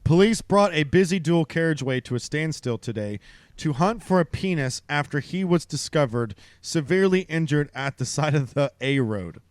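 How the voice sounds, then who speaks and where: A man's voice: on the high side, animated, moderate pace, no echo. A man reading a news story aloud in casual chat, laughing often and mocking how the article is written. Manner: laughs often and breaks off to mock the article's writing. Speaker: podcast co-host.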